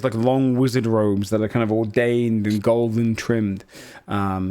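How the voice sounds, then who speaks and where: A man's voice: medium pitch, darkish tone. A man running a tabletop game as game master, narrating loosely with many filler words.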